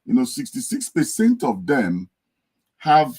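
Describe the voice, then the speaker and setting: A man's voice: fairly high pitch, huge pitch swings, unhurried, vocal fry, a little mellow, slightly rough, low-quality recording. A man speaking on a podcast, earnest and telling stories to make his point. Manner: earnest, storytelling, acts out a wailing wife. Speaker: guest speaker. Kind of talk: podcast discussion. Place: United Kingdom.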